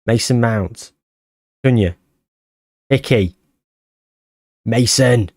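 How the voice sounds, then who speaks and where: A man commentating his football management game as he plays, anxious and short of breath, bursting into excited shouts at near misses. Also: medium pitch, very slow, no echo, studio quality. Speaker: gaming YouTuber.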